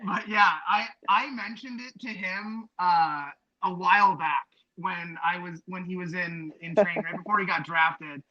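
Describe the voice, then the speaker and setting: A man's voice: sits high, measured pace, few pauses, dull audio. A man co-hosting a podcast, telling a story in casual chat with lots of fillers and restarts. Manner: rambling storyteller, many fillers. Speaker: podcast co-host.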